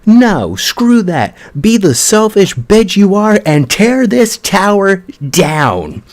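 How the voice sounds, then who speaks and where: A man voicing a fierce, high-strung young woman soldier in a raised, strained voice, quoting an anime scene. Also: normal speed, close to an everyday voice. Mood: furious. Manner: high strained yelling, insulting.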